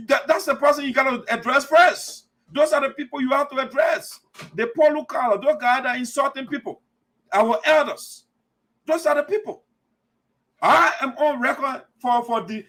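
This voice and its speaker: Man, very high voice, heated accusatory commentary, preachy, repeats himself. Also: a bit bright. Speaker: community radio commentator.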